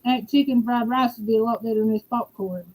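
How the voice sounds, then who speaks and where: A woman's voice: a little high, fairly even intonation, quick pace, darkish tone, low-quality recording. A woman, giggling and chatting easily on a video call. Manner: giggly, easygoing. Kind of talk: casual chat on a video call.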